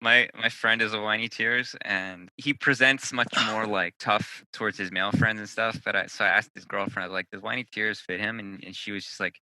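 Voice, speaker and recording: A man co-hosting a chatty podcast, talking with a bright, forceful edge. His voice sits fairly low and sounds close and dry. He thinks aloud and swears casually. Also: fairly even intonation, a little fast, hardly any pauses, no room sound, poor audio. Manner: loose and profane, thinks aloud. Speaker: podcast co-host. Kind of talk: casual chat.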